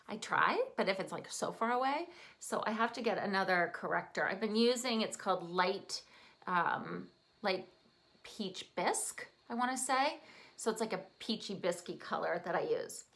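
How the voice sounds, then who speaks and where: Woman, Canadian accent, bright clear voice, chatty makeup tutorial, upbeat. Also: medium pitch, lively intonation, normal speed. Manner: chatty, upbeat, talks while applying makeup. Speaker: makeup artist.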